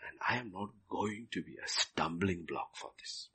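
A man preaching a sermon as a pastor, swinging from loud emphasis down to near whispers and repeating his phrases. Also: low-pitched, lively intonation, normal speed, breathy edge.

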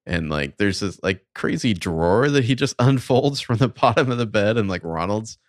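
A man's voice: on the low side, lively intonation, moderate pace, no room sound, clean studio sound. A man casually recapping a movie as a podcast co-host, laid-back and a little hesitant.

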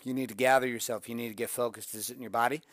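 A man's voice: mid-range voice, steady tone, rapid-fire, a bit bright, no echo, clean studio sound. A man hosting a motivational talk, coaching listeners through breathing and counting out drills with energy. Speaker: motivational podcast host.

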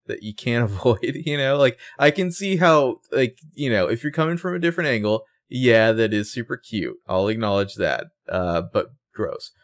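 A man co-hosting a podcast, retelling scenes with wry, animated asides in casual chat. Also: mid-range voice. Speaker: podcast co-host.

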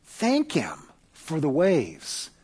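A male pastor preaching with a high, bright-toned voice that rises and falls over a wide range. He moves between loud, emphatic calls and soft, hushed passages. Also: wildly swooping pitch, very slow, breathy edge. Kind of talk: sermon.

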